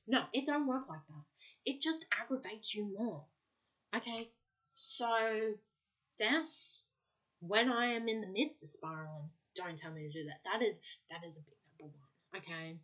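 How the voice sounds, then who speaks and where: Animated, exasperated woman ranting. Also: medium pitch, unhurried. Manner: exasperated ranting, lecturing, repeats "okay?". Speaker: podcast host. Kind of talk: solo monologue to listeners.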